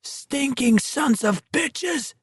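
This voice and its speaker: A man's voice: very high-pitched, lively intonation, very slow, dry recording, studio quality, voice pushed up, heavily acted. A man voicing a furious teenage boy who shrieks curses. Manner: shrieking, enraged.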